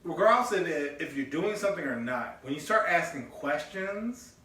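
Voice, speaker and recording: A man co-hosting a podcast in casual chat, telling a story with lively energy and acting out both sides of a conversation. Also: on the high side, normal speed. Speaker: podcast co-host. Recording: echoey room, mic at a distance.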